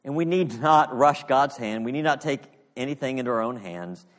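A male pastor delivering an earnest sermon, reading scripture with dramatic pauses. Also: medium pitch, animated, long reverb tail.

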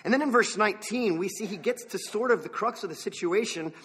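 Husky preacher with a long reverb. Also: male voice, high voice, fairly quick, fairly bright tone. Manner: conversational, asks the listeners questions, wanders into side thoughts. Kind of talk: sermon.

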